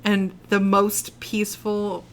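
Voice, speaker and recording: Woman co-host, casual movie chat, laughs often, animated and playfully indignant, mid-pitched voice, faint noise in the background. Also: slow.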